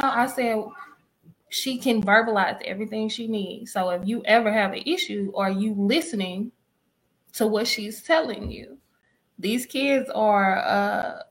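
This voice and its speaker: A woman's voice: medium pitch, measured pace, poor audio. A woman, telling parenting stories in a casual panel talk and acting out the dialogue. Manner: emphatic storytelling, acts out dialogue.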